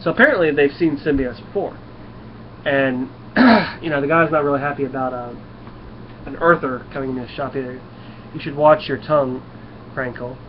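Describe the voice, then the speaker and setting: Guy rambling thru a comic review, middle pitch, kinda muffled w/ faint hiss. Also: normal speed. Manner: loose and rambling, reads comic dialogue aloud, stumbles over words. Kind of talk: casual video review.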